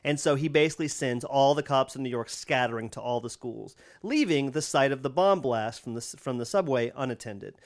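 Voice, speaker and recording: A man's voice: mid-range voice, a little fast, few pauses. A man co-hosting a podcast, casually recapping a movie plot with laughs and the odd swear word. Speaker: podcast co-host. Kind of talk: casual chat recapping a film.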